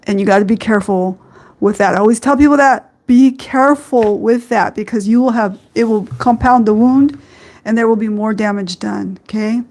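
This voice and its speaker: A woman's voice: fairly high pitch, moderate pace, darkish tone. A woman hosting a live-streamed faith podcast, talking earnestly and rambling a little, with frequent fillers and small laughs. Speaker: podcast host.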